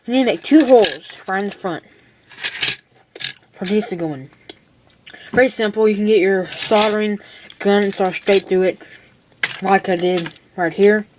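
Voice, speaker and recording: A woman's voice: mid-range voice, normal speed, long pauses. Chatty girl in a noisy home video. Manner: rambling, chatty, full of "like" and "okay". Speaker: hobbyist showing a build. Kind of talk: casual how-to demonstration.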